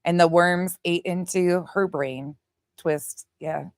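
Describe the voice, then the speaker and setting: A middle-aged Southern woman hosts a casual livestream, chatting loosely with viewers and laughing a lot. Her voice sits a little low for a woman. The sound is dry and close, with no room echo. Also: fairly even intonation, slow pace, clean tone. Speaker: livestream host. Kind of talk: casual livestream chat reading comments.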